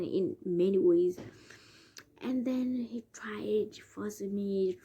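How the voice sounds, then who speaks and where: A woman's voice: medium pitch, fairly even intonation, slow pace, mellow, slight background noise. A woman with a South African accent telling a story in a casual vlog, chatting straight to her viewers. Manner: chatty, addresses viewers as guys. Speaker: YouTuber.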